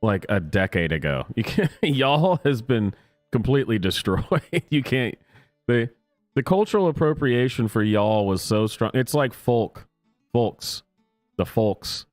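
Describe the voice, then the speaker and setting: A man's voice: medium pitch, lively intonation, unhurried, no echo, studio quality, faint music behind. A man hosting a comedic reaction video, making sarcastic, laughing asides about clips.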